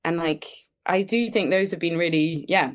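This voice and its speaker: A woman's voice: fairly low pitch, moderate pace. A woman, chatting as a comedy guest in a casual, self-deprecating way with lots of fillers. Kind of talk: casual interview chat.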